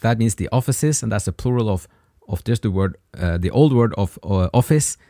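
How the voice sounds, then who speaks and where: Guy teaching grammar, lowish voice, bouncy intonation, dry close sound. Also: expressive, warm tone, dry recording. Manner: patient, encouraging, pauses for learner answers. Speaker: language teacher. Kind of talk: grammar lesson.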